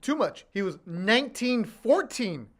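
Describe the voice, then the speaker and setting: A co-host in casual chat who chimes in with fight records and corrections. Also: male voice, high voice, sing-song, unhurried.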